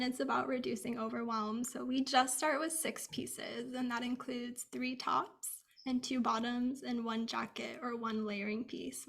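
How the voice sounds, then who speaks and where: A woman's voice: on the high side, gravelly, fairly bright tone. A woman who works as a wardrobe stylist, answering interview questions in a chatty, upbeat way with lots of filler words. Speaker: capsule wardrobe stylist, guest. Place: Bay Area, US.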